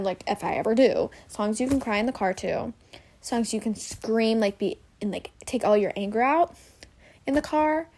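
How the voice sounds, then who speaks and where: A woman's voice: fairly high pitch, warm tone. A young woman hosting a casual solo podcast, rambling and gushing with many fillers and self-corrections, sometimes dropping to a whisper. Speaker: podcast host.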